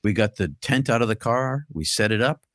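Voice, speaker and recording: A man with a medium-pitched voice tells his story earnestly and vividly. He is a guest on a talk podcast. The sound is dry and close. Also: lively intonation, a little fast, a bit bright, no room sound.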